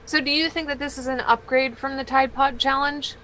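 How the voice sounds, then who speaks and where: A woman's voice: high voice, steady tone, brisk, pushed and bright, poor audio. A woman in a casual group chat, sardonic and swearing.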